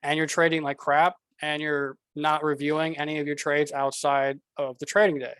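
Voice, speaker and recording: Blunt, fairly high-voiced male trading coach. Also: level tone, moderate pace, fairly bright tone, clean tone, no echo. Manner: blunt, repetitive, talks straight to the viewer. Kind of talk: casual slideshow talk.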